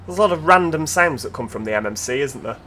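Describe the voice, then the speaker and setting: A man's voice: mid-range voice, lively intonation, quick pace, pushed and bright, a little hiss or hum. A man giving casual, chatty commentary over gameplay, with joking asides to his viewers. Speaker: video game commentator.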